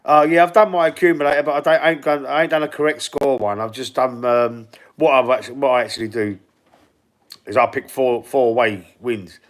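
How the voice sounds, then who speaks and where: Speaking in a mid-range voice with fairly even intonation and a slightly fast delivery, a middle-aged London man with a Cockney accent runs a football livestream. He reads the live chat's comments and predictions aloud in a chatty way, stumbling and saying words twice.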